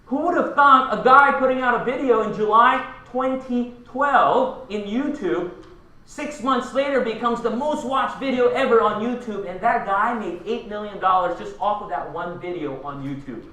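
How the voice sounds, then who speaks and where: A man's voice: sits high, moderate pace, sharp tone, recorded from a distance. A man from the Philippines giving a punchy conference keynote, firing rhetorical questions at the audience. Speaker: keynote speaker. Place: large conference hall. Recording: echoey hall, voice from afar.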